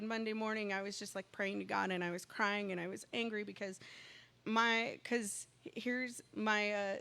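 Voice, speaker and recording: A woman in casual conversation who tells a story in long, rambling runs and talks herself into excitement. Her voice sits at an ordinary middle pitch for a woman. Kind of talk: casual chat.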